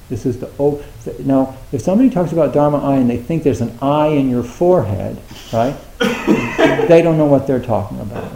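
A man's voice: medium pitch, mellow, roomy sound, rough recording. A man giving a Zen dharma talk in a conversational way, acting out his students' thoughts and using many fillers. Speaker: Zen teacher.

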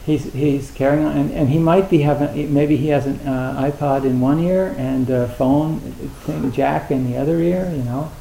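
A middle-aged American man giving a dharma talk as a Zen teacher, in a loose, halting, conversational way with many fillers and a wry, gentle humor. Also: on the high side, steady tone, creaky. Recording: roomy hall with faint hiss.

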